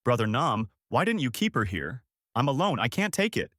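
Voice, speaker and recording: A man voicing a grieving young woman teacher who shouts and pleads through tears. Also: medium pitch, big pitch swings, normal speed, no echo, clean studio sound. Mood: anguished shouting.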